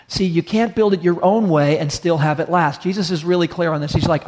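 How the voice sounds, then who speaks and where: A man preaching a sermon, telling a story and acting out its dialogue, slowing down to stress key points. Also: fairly high pitch, darkish tone, big-room sound. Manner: storytelling, acts out dialogue, slows for emphasis. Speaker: pastor.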